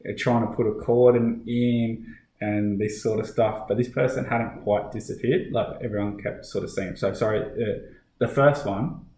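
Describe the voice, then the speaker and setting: A man's voice: fairly low pitch, fairly even intonation, moderate pace, mellow, reverberant, rough recording. A middle-aged Australian police officer with an Australian accent, telling his story in a casual podcast interview, full of fillers and restarts.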